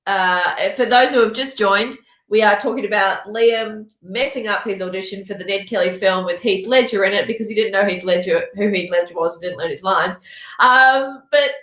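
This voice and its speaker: A woman's voice: medium pitch, normal speed, fairly bright tone. A woman hosting a casual chat show, musing aloud in a chatty way. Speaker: host. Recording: roomy echo.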